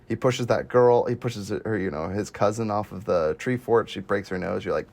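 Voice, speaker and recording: A man hosting a casual movie review chat, animated and laughing often. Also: fairly low pitch, moderate pace, gravelly. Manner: animated, laughs a lot, says "dude". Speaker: podcast host.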